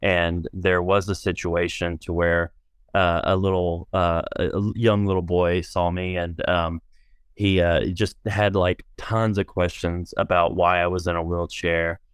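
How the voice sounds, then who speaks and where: A man, a minister, tells a story on a podcast in a rambling way, with restarts and fillers, and grows animated at the funny turns. His voice sits low and is smooth and resonant. The recording is dry and close. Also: measured pace, no room sound. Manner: rambling, many restarts and fillers, animated when telling stories. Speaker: guest, minister. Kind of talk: storytelling in conversation.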